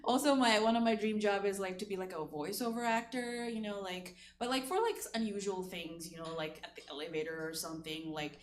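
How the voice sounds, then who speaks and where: On an echoey comedy stage, a woman with a medium-pitched voice runs the show and performs stand-up, talking briskly with hardly any pauses. She's chatty, full of filler words, and keeps laughing at her own jokes, all caught in an echoey live room recording.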